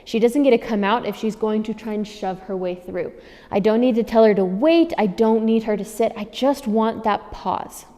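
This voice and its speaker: Mellow-voiced woman demonstrating dog training. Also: mid-range voice, moderate pace. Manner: friendly, upbeat walkthrough. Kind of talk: instructional demonstration. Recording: long reverb in a room.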